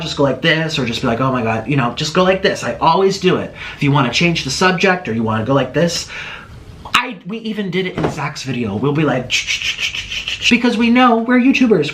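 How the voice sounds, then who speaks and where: A man's voice: fairly high pitch, fairly bright tone, low-quality recording. A man vlogging to camera in an agitated, indignant rant, firing off rhetorical questions and mockingly imitating others. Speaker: YouTuber. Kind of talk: heated personal rant to camera.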